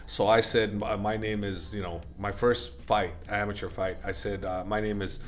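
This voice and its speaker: Man, middle-aged, low pitch, relaxed chat, rambling, self-correcting. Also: moderate pace. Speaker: interview guest, MMA coach. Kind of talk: casual storytelling interview.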